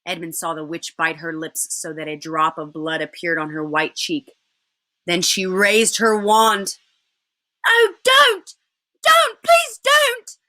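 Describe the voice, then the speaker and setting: A woman teacher reading a children's novel aloud in an expressive way. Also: deep voice, unhurried.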